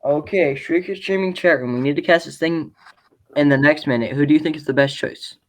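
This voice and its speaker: A man playing a relaxed, scatterbrained casting assistant who talks in a casual, offhand way, over a video call. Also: a little high, brisk, slight background noise, lightly acted, rough recording. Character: laid-back, scatterbrained young male casting assistant.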